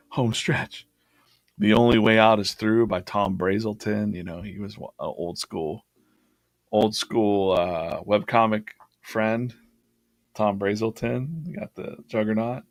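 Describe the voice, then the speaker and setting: A man's voice: fairly low pitch, takes it slowly, pauses often, dry recording. A man hosting a drawing livestream, chatting casually and laughing as he rambles through his past sketches.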